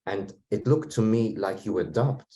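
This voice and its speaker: A man's voice: lowish voice, moderate pace, warm tone. A young man, an actor talking with enthusiastic admiration on a video call. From Austria. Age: young adult.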